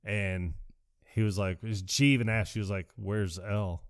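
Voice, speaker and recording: A podcast co-host walks through a movie scene by scene in a casual recap, acting out the characters' lines in quick, animated impressions. His voice is slightly low, and the recording is close and dry with no room sound.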